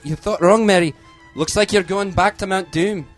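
A man's voice: high-pitched, drawn-out words, soft background music, pitched above the performer's own voice. A man voicing a feeble, scrawny male hobbit who boasts in a thick put-on Scottish brogue. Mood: boastful.

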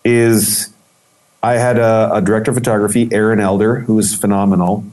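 A middle-aged interview guest, a photographer, speaks fairly quickly in a lowish voice, spinning a long, spirited anecdote in a casual chat and playing out each character's quoted lines.

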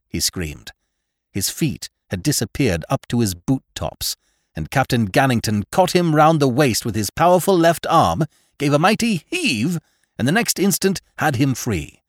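A man's voice: mid-range voice, no room sound, studio quality. Man reading a horror tale dramatically. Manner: dramatic, rises and sinks with the tension. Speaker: podcast narrator.

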